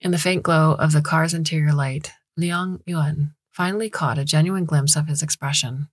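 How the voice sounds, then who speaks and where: A woman narrating a science fiction story in a measured, even reading voice. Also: low voice, no room sound, clean studio sound. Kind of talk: scripted narration.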